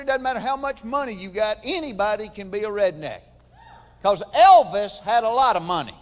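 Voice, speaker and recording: On a big theater stage in front of an audience, a Southern-accented comedian from Georgia does folksy stand-up, storytelling with character voices. He has a very high voice, and the hall sound comes with slight background noise.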